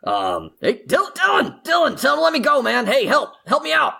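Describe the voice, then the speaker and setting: A man's voice: fairly high pitch, wildly swooping pitch, unhurried, exaggerated voice. A man doing a rowdy, hungover half-orc. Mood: pleading. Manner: shouting, crude and whiny.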